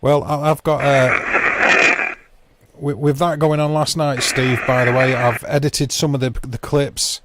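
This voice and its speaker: A man's voice: medium pitch, level tone, measured pace. A man hosting a livestream, chatting casually and rambling with viewers by name, with dry self-mocking humour. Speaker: livestream host. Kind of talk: casual chat with a live chat. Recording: loud background noise.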